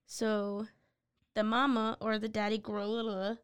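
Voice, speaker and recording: A woman's voice: medium pitch, little pitch movement, slow pace, clear, resonant tone, no echo. A woman co-hosting a podcast, reading facts from notes and answering with dry, blunt quips. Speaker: podcast co-host. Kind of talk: casual chat, reading notes.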